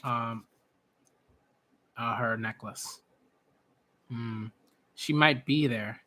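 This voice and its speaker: A man hosting a live manga reaction, talking in an excitable, gushing way with lots of fillers. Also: mid-range voice, drawn-out words, pauses often.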